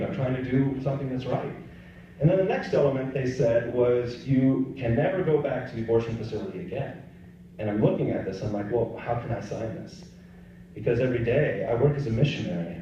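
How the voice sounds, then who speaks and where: A man with a medium-pitched, dark voice shares his personal testimony as a pro-life missionary, chatting casually and acting out the dialogue in quotes. The recording sounds distant, echoey and dull, made in a room with slight background noise.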